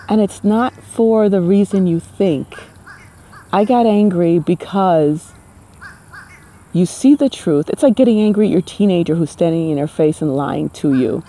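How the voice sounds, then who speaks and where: A woman's voice: on the low side, dark tone. A woman from New City, talking about spirituality to camera in an emphatic, exasperated way, full of rhetorical questions. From New York City. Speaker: spiritual vlogger. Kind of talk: casual spiritual talk to camera.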